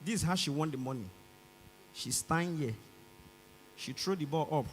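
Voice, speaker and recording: A Nigerian man with a Nigerian English accent doing stand-up comedy on a large concert stage, acting out both sides of the dialogue and rising to shouts. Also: on the high side, expressive, normal speed, long reverb tail, a little hiss or hum.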